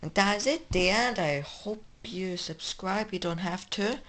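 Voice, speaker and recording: A man's voice: sits high, measured pace, a bit bright. A male gaming channel host with an English accent, talking through games in casual, rambling commentary full of restarts. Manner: rambling, many restarts and fillers.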